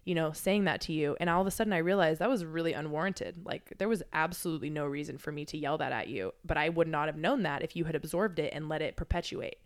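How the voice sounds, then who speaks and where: A woman's voice: low-pitched, quick pace, few pauses. A woman in casual chat as a podcast guest, speaking candidly and reflectively, swearing freely and using lots of filler words.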